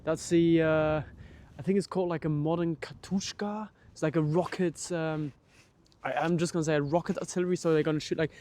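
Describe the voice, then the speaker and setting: Young man, travel vlogger, casual rambling, slightly high voice, outdoors walk-and-talk. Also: steady tone, fairly quick, mellow. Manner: rambling, casual, many restarts and fillers. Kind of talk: walking vlog commentary. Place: outdoors at a large war memorial park.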